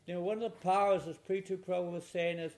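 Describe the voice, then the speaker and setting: A man's voice: high voice, quick pace. An older man, telling a humorous personal story as a speaker at a spiritual retreat, talking to a live audience. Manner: animated, humorous anecdotal storyteller.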